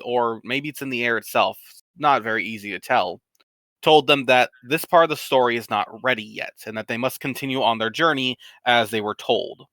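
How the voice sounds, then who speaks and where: A man's voice: medium pitch, sharp tone, no room sound. A man narrating a tabletop game as game master, giving a rambling recap with fillers and self-corrections.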